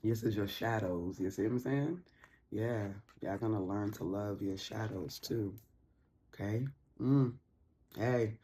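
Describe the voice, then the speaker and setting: A woman hosting a casual tarot reading vlog with a mellow, husky voice. She talks in loose, slangy bursts, teasing and encouraging by turns. Her delivery is playful and animated. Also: extremely low pitch, a little slow. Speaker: tarot reader.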